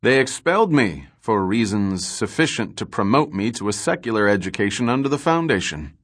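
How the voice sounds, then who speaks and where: A man's voice: lowish voice, sing-song, fairly quick, a bit bright. A man doing a gloomy, wry space trader. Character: weary middle-aged male space trader, gloomy and wry.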